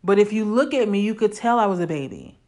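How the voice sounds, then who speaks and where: A woman's voice: medium pitch, animated, fast talker, a little mellow. A woman in her forties from Illinois, telling a personal story in a candid, conversational way with casual slang.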